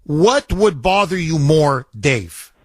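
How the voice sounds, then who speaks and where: A man's voice: fairly high pitch, expressive, slow pace, no echo. A man hosting a talk radio call-in show, pressing his points with repetition and rhetorical questions. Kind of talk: talk radio, taking calls. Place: radio studio.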